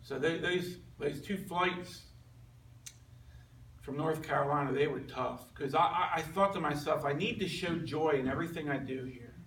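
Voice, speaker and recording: A man with a bright, somewhat high voice tells his testimony to a men's group. He speaks earnestly and conversationally, heard from a distance in an echoey room. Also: normal speed, slight background noise. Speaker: man giving a personal testimony. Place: meeting room with a group listening. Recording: echoey room recorded from far off.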